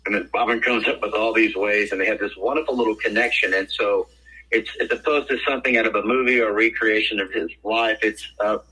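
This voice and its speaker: An older man talks on a podcast with a forceful, bright, somewhat rough voice. He tells his stories with energy and slips into the voices of the people he quotes. The sound is a little thin, as if heard over a phone. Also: lowish voice, fast talker, low-quality recording. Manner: animated storyteller, acts out quoted voices. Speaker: actor guest. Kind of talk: casual podcast interview storytelling.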